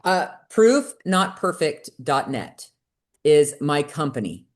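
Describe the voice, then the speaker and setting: Animated woman telling a personal story. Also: takes it slowly. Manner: animated, acts out quoted voices with big pitch jumps. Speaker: podcast guest. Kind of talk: candid conversational storytelling.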